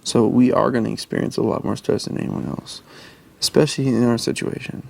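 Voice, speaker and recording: Earnest man with a gravelly voice. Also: mid-range voice, level tone, brisk, a little mellow. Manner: earnest, reassuring, with restarts. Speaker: reality show houseguest. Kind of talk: intimate casual talk.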